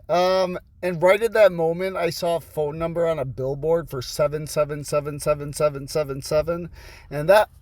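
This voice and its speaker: A young adult male vlogger tells a rambling, profane story packed with fillers while recording in a car, with car and road noise in the background. His voice is on the high side and darkish, steady in tone, at normal speed, with no echo.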